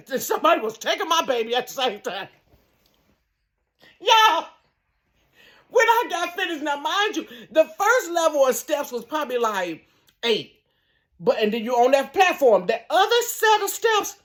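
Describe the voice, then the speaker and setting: Animated storytelling woman with lively pitch. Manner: animated, laughing, acts out sounds and shouts. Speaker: storyteller vlogger. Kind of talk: casual storytime vlog. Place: bedroom.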